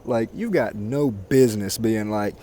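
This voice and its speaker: A man's voice: fairly low pitch, a little slow, dark tone. A man vlogging outdoors near water, ranting casually, crude and mocking, swearing constantly. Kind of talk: casual profane rant to camera.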